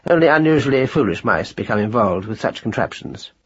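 A man's voice: mid-range voice, expressive, a little fast, slightly rough, highs cut off. A man voicing a pompous, bookish husband mouse who speaks in dry, pedantic phrases.

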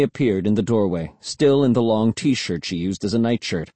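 A man reading an audiobook in expressive first-person narration. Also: lowish voice, moderate pace, few pauses, no echo. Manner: expressive storytelling.

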